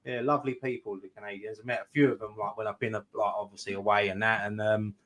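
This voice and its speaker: A man's voice: fairly low pitch, little pitch movement, fast talker, a crowd in the background. A man, co-hosting a casual post-match fan chat in a loose, rambling way. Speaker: co-host.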